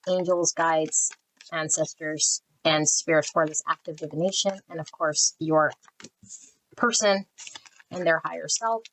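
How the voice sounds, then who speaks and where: A woman with a slightly low voice reads tarot in a loose, chatty way. She often repeats herself and restarts her phrases as she goes. When she calls on spirit, her tone softens and turns prayerful. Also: a little hiss or hum. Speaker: tarot reader. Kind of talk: casual spoken tarot reading.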